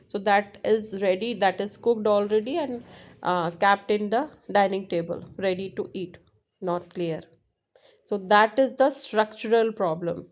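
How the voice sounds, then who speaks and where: A woman's voice: medium pitch, darkish tone. A woman teacher with an Indian English accent, explaining linguistics for an exam and checking in with "right?" as she repeats key phrases. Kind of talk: exam-prep lecture.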